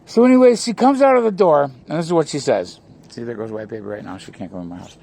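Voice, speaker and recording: Gravelly man ranting profanely. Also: on the high side, fast, mellow, slight background noise. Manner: rambling, profane, jumps between topics. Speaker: vlogger. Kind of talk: casual rant to camera. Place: at his home.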